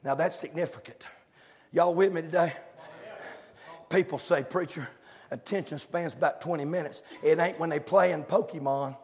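A male preacher, shouting and chanting a fiery revival sermon in a church, with calls to the congregation. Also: fairly high pitch, moderate pace, slightly rough. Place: church sanctuary. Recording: echoey sanctuary with long reverb.

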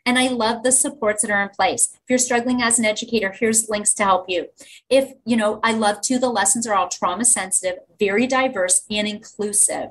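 A woman's voice: medium pitch, fairly even intonation, a little fast, fairly bright tone, slight background noise, rough recording. A woman teacher speaking as a podcast guest, telling classroom stories with enthusiasm. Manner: enthusiastic storyteller, acts out children's voices. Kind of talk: conversational podcast interview.

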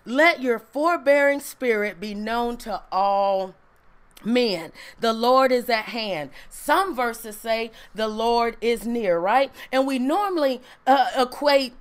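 A woman with a high voice preaches a Bible lesson. She talks in a relaxed way and keeps asking her listeners questions, then answers them herself. She often checks in with a quick "right?". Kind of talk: sermon, Bible teaching.

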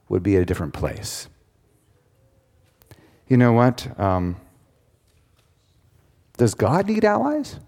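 A man's voice: lowish voice, a little mellow. A man teaching a Bible study to a live audience, in a conversational way with asides to the listeners. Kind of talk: sermon-style Bible teaching. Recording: long hall reverb.

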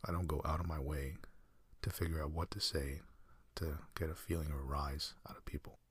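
A man hosting a sleep podcast, talking in a soft, slow, meandering half-whisper with dry self-mocking humor. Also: very deep voice, fairly even intonation, slightly rough, dry recording. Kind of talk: rambling whispered bedtime monologue.

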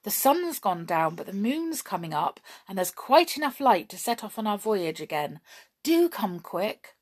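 A woman's voice: medium pitch, big pitch swings, a little slow, breathy edge. A woman voicing a nervous little male brownie who speaks in an anxious, urgent way.

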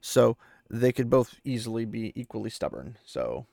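Gravelly-voiced man recapping a book. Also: mid-range voice, big pitch swings, moderate pace, mellow, no room sound, studio quality. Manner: chatty, rambling, with fillers. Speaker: podcast host.

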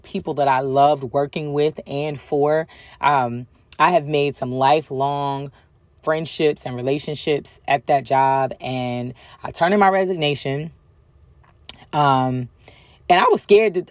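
A woman's voice: low voice, dry recording, clean studio sound. A woman telling a personal story in a casual way, with lots of ums and acted-out bits of dialogue. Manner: chatty, frequent ums, acts out other people's lines.

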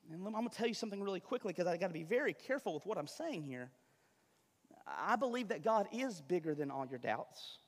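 Delivering a sermon, a pastor with a high voice preaches emphatically and conversationally, tossing in plenty of asides. The long reverb of a large hall carries his voice.

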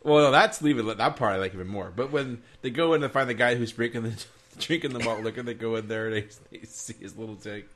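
A man's voice: medium pitch, fast. A man co-hosting a podcast, chatting casually and laughing often while quoting scenes. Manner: animated, laughing a lot, quoting scenes in put-on voices. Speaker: podcast co-host. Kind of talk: casual chat.

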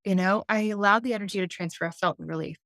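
A woman who works as an intuitive life coach, telling a story in a podcast interview in an animated way and acting out the dialogue. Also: mid-range voice, fast, dry recording, clean studio sound. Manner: animated, acts out dialogue in her stories; frequent self-restarts and fillers.

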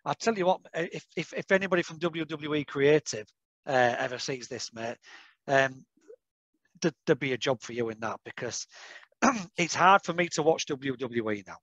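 A man hosting a casual interview, enthusiastic and full of quick affirmations. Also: on the high side, expressive, a bit bright, no echo. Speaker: podcast host.

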